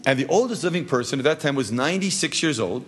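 A man teaches a class through jokey, anecdotal storytelling, posing rhetorical questions to his audience. His medium-pitched voice is expressive, fast, and slightly rough.

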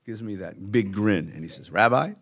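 A man's voice: low voice, moderate pace, husky. A middle-aged man, a rabbi, telling stories in a sermon and acting out the people in them. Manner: animated storyteller acting out voices. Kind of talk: storytelling sermon.

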